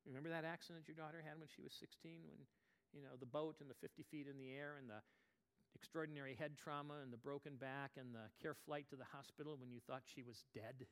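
A man preaching, voicing God as a calm, patient, fatherly male deity who speaks quietly and questions gently. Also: medium pitch, fast talker, smooth, lightly acted. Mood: gently reproachful. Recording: long reverb of a large hall.

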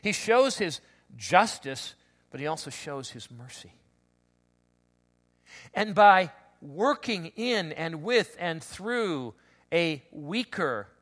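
A man preaching a conversational sermon, telling stories with lots of restarts and animated asides. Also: fairly high pitch, slow pace, long pauses. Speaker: pastor.

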